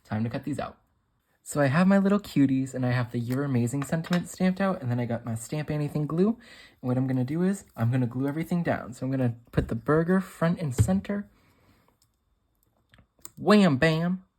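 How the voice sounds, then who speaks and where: A man's voice: medium pitch, lively intonation, fast talker, darkish tone, slight background noise. Playful chatty man. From Massachusetts. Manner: playful, jokey, chatty asides. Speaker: craft demonstrator on a design team. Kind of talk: casual crafting tutorial.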